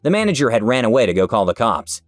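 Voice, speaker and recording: A man narrating internet stories in an animated, emphatic reading voice, with faint music behind. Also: mid-range voice, fast, no room sound. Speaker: story narrator.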